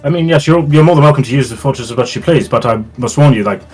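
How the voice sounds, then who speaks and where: A man running a tabletop game as game master, describing scenes in a relaxed, rambling way with fillers. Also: medium pitch, very fast, slightly rough, faint music behind.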